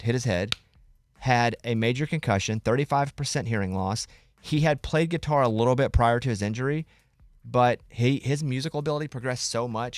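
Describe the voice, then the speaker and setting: A man's voice: mid-range voice, no echo. A man hosting a radio morning show, leading casual studio banter and arguing his point. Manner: argumentative, leads the discussion.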